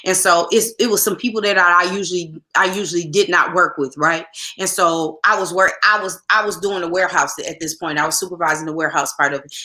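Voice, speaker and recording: With a fairly low pitch and a bright, forceful tone, a woman co-hosts a casual opinion podcast where listener comments get read. She tells stories emphatically, with frequent repetition and restarted sentences.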